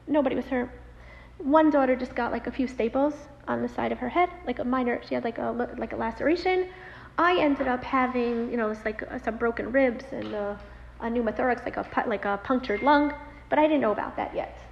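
A woman in her thirties telling a personal story, animated, with many fillers. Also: on the high side, fairly quick, gravelly. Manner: animated, many fillers, acts out quoted voices. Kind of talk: personal story told aloud. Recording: roomy hall with long reverb, dull lo-fi sound, faint noise.

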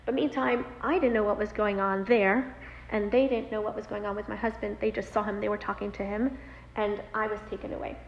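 A woman in her thirties telling a personal story, animated, with many fillers. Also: medium pitch, a little fast, creaky. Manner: animated, many fillers, acts out quoted voices. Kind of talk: personal story told aloud. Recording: roomy hall with long reverb, dull lo-fi sound, faint noise.

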